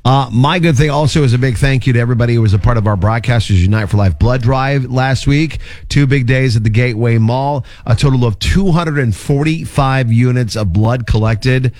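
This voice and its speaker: An upbeat male radio host in the middle of his range, reading listener shout-outs and community notices. His voice is close and dry, recorded on a studio mic with no room sound. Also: mid-range voice, dry recording. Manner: upbeat, reads announcements. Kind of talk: morning radio banter.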